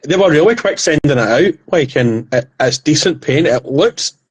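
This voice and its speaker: A man in his thirties, a podcast co-host, retelling comedy skits in a rambling, animated casual chat. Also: a little high, moderate pace, slightly rough.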